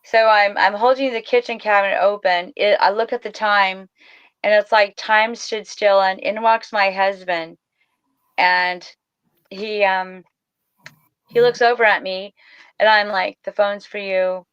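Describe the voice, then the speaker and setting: A woman's voice: mid-range voice, fairly even intonation, unhurried, fairly bright tone, smooth, dry recording, muffled recording. A middle-aged woman telling a personal story as a podcast guest, rambling and emotional, near tears. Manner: emotional, rambling, tearful at times. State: crying.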